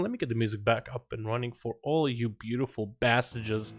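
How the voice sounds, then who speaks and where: A man's voice: medium pitch, brisk, hardly any pauses. A young man hosting a casual gaming livestream, rowdy and profane as he greets his chat. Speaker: livestream host.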